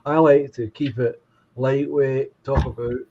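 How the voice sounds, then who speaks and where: A man in a casual chat who talks slowly and drops in dry remarks. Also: medium pitch, fairly even intonation, mellow. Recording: dull lo-fi audio with a crowd behind.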